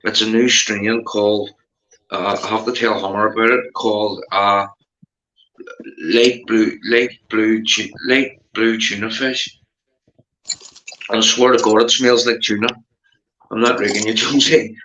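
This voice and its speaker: A man's voice: fairly low pitch, fairly even intonation, unhurried, pauses often, pushed and bright, roomy sound, poor audio. A man with a Northern Irish accent in rambling casual chat, repeating himself and calling his friend mate. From Northern Ireland.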